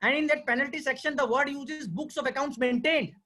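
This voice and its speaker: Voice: high voice, fairly quick, pushed and bright. A tax law speaker with an Indian accent giving an earnest webinar lecture over a video call, repeating key points and addressing listeners as sir.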